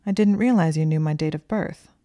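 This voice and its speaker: A woman reading the part of a nervous young woman student who sounds flustered and strained, in a low, mellow, dry voice. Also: fairly quick, dry recording, lightly acted. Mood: guarded, tight. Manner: flustered, strained and shrill at times.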